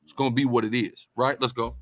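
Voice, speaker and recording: A man's voice: mid-range voice, fairly even intonation, fast, no room sound. Emphatic man preaching in a dry close voice. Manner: emphatic, repetitive, conversational. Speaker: religious teacher. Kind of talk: preaching-style commentary.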